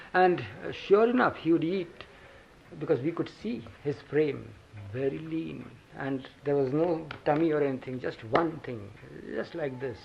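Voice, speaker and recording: A man's voice: fairly high pitch, gravelly. An older man with an Indian English accent, reminiscing in casual talk and chuckling through his stories. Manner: chuckling, animated storytelling with acted quotes. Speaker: storyteller recounting memories. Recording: dull lo-fi 1980 tape with hiss.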